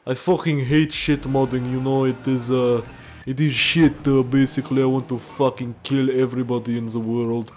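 A man's voice: medium pitch, flat delivery, moderate pace, a little mellow, faint music behind, lightly acted. A man voicing a boastful Russian-accented strongman in a crude, rambling put-on impression. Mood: blustering. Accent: fake Russian. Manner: rambling, crude, fumbling for words. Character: boastful gruff Russian strongman, adult male. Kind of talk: gaming commentary impression.

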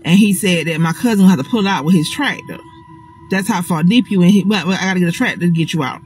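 A woman telling a personal story straight to her audience in a casual storytime monologue, animated and dramatic, swearing often. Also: fairly low pitch, quick pace, soft background music, low-quality recording.

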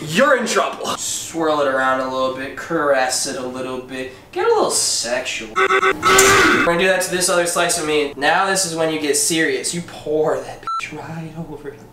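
A man's voice: fairly high pitch, sing-song, moderate pace. A man hosting a crude comedic cooking demo, swearing and joking as he gives mock instructions. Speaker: comedic cooking show host. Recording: echoey room, distant mic, noisy.

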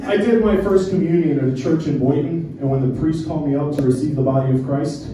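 A man's voice: fairly high pitch, quick pace. A man in his twenties from Colombia, doing a stand-up set with brash, profane banter with the crowd in a small black-box theater. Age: 20s. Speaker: stand-up comedian. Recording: echoey room from far off, loud audience.

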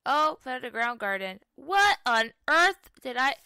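A young woman talks through her survival game in a slow, unhurried way, chatty and quick to laugh at herself. Her voice sits a little high and sounds bright and forward. She keeps up a loose running commentary as she plays. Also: very animated, smooth. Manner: chatty, self-mocking, exclaims at the game. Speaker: gaming YouTuber. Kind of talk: casual gameplay commentary.

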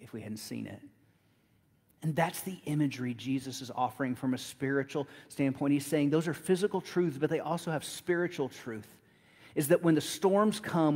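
A middle-aged man delivers a sermon in a church, slipping into a relaxed, conversational storytelling manner and repeating words as he restarts. His voice sits a little on the high side for a man. A long reverb from the sanctuary trails after each phrase. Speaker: preacher.

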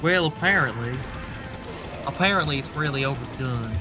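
A man's voice: medium pitch, expressive, moderate pace, over music. A man co-hosting a let's play, trading sarcastic, argumentative banter. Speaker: co-host.

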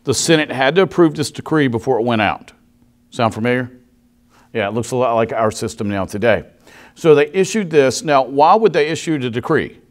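Conversational pastor preaching a sermon. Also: male voice, mid-range voice, animated, brisk. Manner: conversational, asks the congregation questions. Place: church sanctuary.

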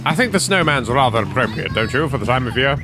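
A man's voice: medium pitch, expressive, quick pace, over music. An English man hosting a let's play, commentating on gameplay in an exasperated, joking way with plenty of swearing.

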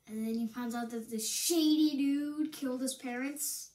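A teenage American girl rambles through a casual movie review, excitable and always cutting herself off. Her voice sits fairly high. The room around her has a noticeable echo. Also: a little slow. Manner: rambling and excitable, self-interrupting.

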